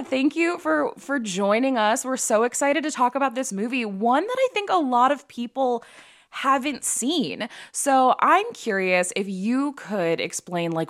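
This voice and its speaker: A woman's voice: fairly high pitch, big pitch swings, normal speed. A woman co-hosting a podcast, chatting in a casual, enthusiastic way. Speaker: podcast co-host.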